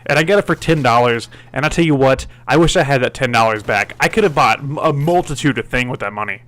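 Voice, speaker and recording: A man's voice: mid-range voice, fast, fairly bright tone. Cursing, stammering man reviewing games. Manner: profane and exasperated, stammers and restarts. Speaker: game reviewer. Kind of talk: ranting game review voice-over.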